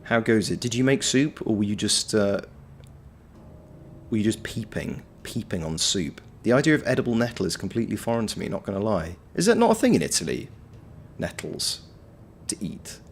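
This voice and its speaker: A man's voice: lowish voice, sing-song, fairly quick, slight background noise. A man chatting casually on a game livestream, reading out his chat with wry, playful banter. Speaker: game streamer.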